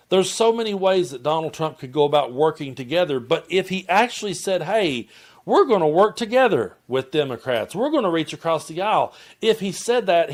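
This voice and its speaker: A man with a Southern accent delivers heated political commentary straight to his viewers. His voice sits a bit high for a man, and he presses his points with blunt conviction. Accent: Southern American. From Tennessee. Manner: impassioned, addresses viewers as folks.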